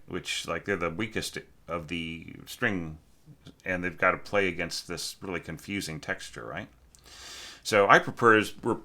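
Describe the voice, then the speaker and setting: A man's voice: sits low, bright, forceful tone. A man teaching orchestration, giving a rambling spoken critique full of fillers, restarts and tag questions. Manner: rambling, many fillers and restarts, frequent "right?".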